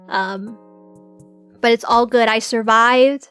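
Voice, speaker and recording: A young woman streamer chats casually to her audience in a fairly high voice. She giggles often and scatters "like" through her sentences. Soft music plays quietly behind her. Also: huge pitch swings, extremely slow, long pauses. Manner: chatty, giggly, full of filler "like"s. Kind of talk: casual live-stream chat.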